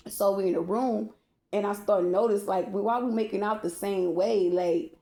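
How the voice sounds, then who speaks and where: A woman speaking tells a raw personal story to her viewers, candid and often profane. Her voice is mellow and relaxed rather than bright. The room around her carries a noticeable echo. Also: mid-range voice, unhurried. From Baltimore.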